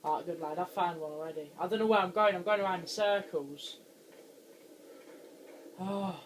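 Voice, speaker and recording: A young man giving let's play commentary on a horror game, jumpy and quick to scream when startled. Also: high voice, slight background noise. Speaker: gaming channel host.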